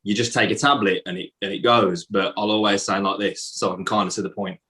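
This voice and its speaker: A man in his late twenties with a Birmingham accent, doing a stand-up set in a flat, deadpan, bleak-sounding voice. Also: lowish voice, quick pace. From England. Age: late 20s. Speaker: stand-up comedian. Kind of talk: stand-up set on a video call.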